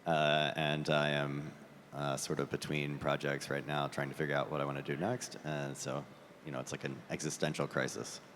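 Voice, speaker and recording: A man's voice: rumbling low, flat delivery, moderate pace, noisy background. A man introducing himself as a judge on stage in a laid-back, wry way. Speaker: newsletter writer, judge. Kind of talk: panel self-introduction. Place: large conference hall stage. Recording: reverberant large hall.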